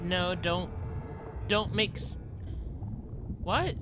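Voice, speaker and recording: Slow-talking woman commenting on a game. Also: fairly low pitch, background noise. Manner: chatty, jokey, thinking aloud. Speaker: gaming commentator. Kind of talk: casual let's-play commentary. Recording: game music playing behind.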